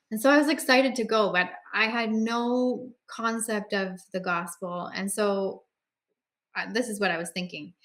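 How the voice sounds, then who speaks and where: An earnest woman recounts her own faith story in a casual, conversational way. She often pauses on fillers and starts sentences over, and her voice carries quiet emotion as she speaks. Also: mid-range voice. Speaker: guest sharing her faith testimony. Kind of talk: personal testimony, casual storytelling.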